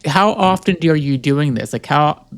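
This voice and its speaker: A man's voice: on the high side, expressive, normal speed, clear, resonant tone, no room sound. Male podcast host, dry close sound. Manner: curious, restarts his questions. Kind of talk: interview questions.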